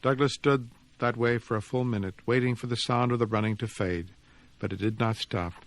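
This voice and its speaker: A man, the author, reading his own story aloud in an expressive, measured storytelling voice. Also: mid-range voice. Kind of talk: dramatic reading of fiction and reflective commentary.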